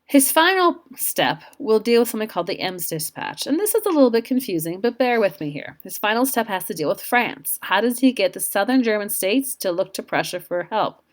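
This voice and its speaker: A woman's voice: mid-range voice, expressive, brisk, hardly any pauses. A woman history teacher giving an informal lecture over slides, chatty, with asides to her students.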